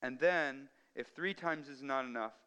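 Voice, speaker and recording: A man delivers a sermon with a bright, smooth, ringing voice. He drops to near whispers and then builds to emphatic peaks. His words trail off into the long reverb of a large hall. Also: mid-range voice, unhurried. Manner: dramatic swings from hushed to emphatic. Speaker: pastor.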